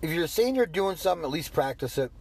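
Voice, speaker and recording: A man with a fairly high voice hosts a solo podcast rant. He talks bluntly and swears a lot. A faint hiss of noise runs behind him. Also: lively intonation, fast, creaky. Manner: blunt, profane, ranting. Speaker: podcast host.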